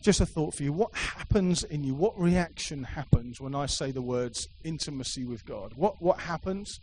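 In a church hall before a live congregation, a middle-aged man delivers an emphatic, repetitive sermon sprinkled with playful asides. His voice is a little high and darkish, with lively intonation at normal speed. The low-quality recording carries a little hiss or hum.

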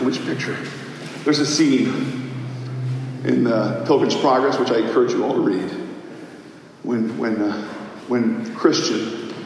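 A man preaching a sermon as pastor, swinging between impassioned shouting and hushed prayer. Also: medium pitch, far from the mic, a little hiss or hum. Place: church sanctuary. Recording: echoey hall, faint ambience.

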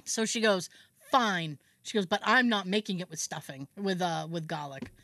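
A woman's voice: lowish voice, a little fast, no room sound. A woman co-hosting a podcast, telling a family story in casual chat, acting out relatives' lines with laughter. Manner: animated, acts out family members' lines; frequent "like" fillers and laughter. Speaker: podcast co-host.

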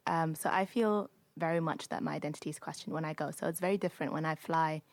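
A woman from Germany co-hosting a podcast discussion, telling stories lively and acting out the exchanges she quotes. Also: deep voice, quick pace, dry recording. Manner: animated storyteller, acts out quoted exchanges. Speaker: podcast co-host. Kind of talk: casual discussion.

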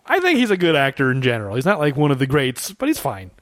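A man co-hosting a casual movie review podcast, animated and quick to act out quotes in silly voices. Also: medium pitch, dry recording, clean studio sound. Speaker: podcast co-host.

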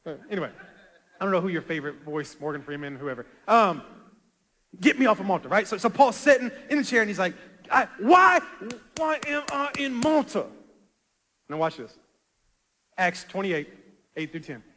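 A male pastor preaching a dramatic sermon, swinging from quiet low asides to loud rising appeals. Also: lively intonation, fairly quick, long pauses, long reverb tail.

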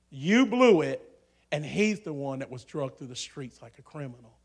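A man preaching a sermon in a church, swinging from hushed asides to loud, shouting peaks. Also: mid-range voice, sing-song, fairly quick.

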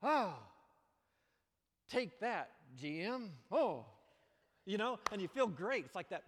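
A male pastor preaching a sermon, animated, moving between loud exclamations and quiet, earnest passages. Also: high-pitched, slow pace, long pauses. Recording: long reverb of a large hall.

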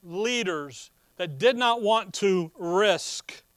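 A man preaching a sermon, reading scripture and explaining it in a folksy, animated way. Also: high voice, extremely slow, no room sound, clean studio sound.

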